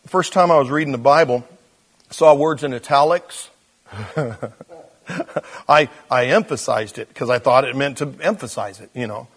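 A pastor preaching in a loose, conversational sermon, full of fillers and restarts. His voice sits at a middling pitch with a husky, slightly breathy edge. He drops to quiet intensity, then lifts into animated emphasis. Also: normal speed, long pauses.

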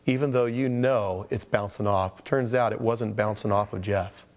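A man's voice: lowish voice, steady tone, normal speed, long reverb tail. A man preaching as a pastor, telling stories conversationally and acting out the voices of the people in them. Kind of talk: sermon.

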